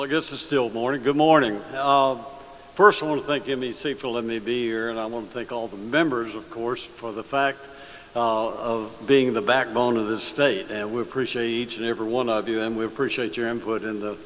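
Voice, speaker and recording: A male state senator speaks to a crowd in a large hall, his voice trailing off in a long reverb with faint hiss. He tells a story in a folksy, unhurried way and stops for "uh" and restarts. His voice sits in an ordinary middle pitch. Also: a bit bright. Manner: easygoing storyteller, halting with fillers. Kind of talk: folksy speech with a joke story. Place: large hall, addressing an audience.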